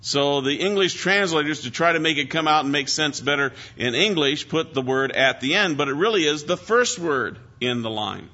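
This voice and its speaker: A man's voice: fairly high pitch, lively intonation, normal speed, few pauses, pushed and bright. A man teaching through a psalm in an earnest sermon, stressing key words with emphasis. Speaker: preacher. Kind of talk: expository Bible teaching. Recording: dull lo-fi recording.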